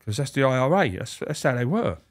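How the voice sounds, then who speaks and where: Brief: blunt former prison officer, mid-range voice, casual sweary storytelling. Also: male voice, medium pitch, very animated, fairly quick. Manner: blunt, sweary, rambling with restarts.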